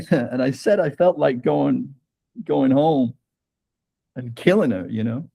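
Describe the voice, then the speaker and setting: A man's voice: mid-range voice, slow pace, gravelly, warm tone, husky, dry recording. A man guest telling a personal story in casual conversation, often tagging sentences with "right?" and laughing between lines. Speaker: author guest.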